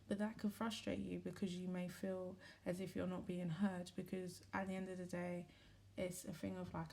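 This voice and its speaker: A woman giving a casual, rambling spiritual talk to camera, candid and quick to correct herself, with the odd swear. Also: lowish voice, little pitch movement, gravelly, warm tone, slight background noise. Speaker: spiritual reader and vlogger.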